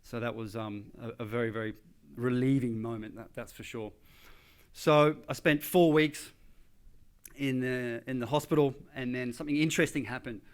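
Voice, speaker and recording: A man giving a motivational talk, telling a story vividly and acting out what the doctors said, shifting between loud emphasis and hushed asides. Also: medium pitch, normal speed, smooth. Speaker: motivational speaker.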